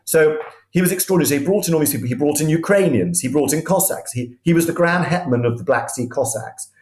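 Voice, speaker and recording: Male historian telling animated stories in a roomy space. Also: on the high side. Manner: animated, vivid anecdotes with quick restarts. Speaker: guest historian. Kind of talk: conversational history storytelling.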